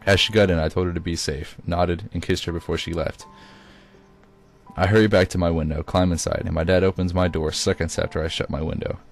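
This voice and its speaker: A man with a very low, deep voice reads his own first-person story aloud. The delivery is amateur, with occasional stumbles and restarts. Faint music plays behind him. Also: fairly even intonation, fairly quick. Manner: occasional stumbles and self-corrections. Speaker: reader.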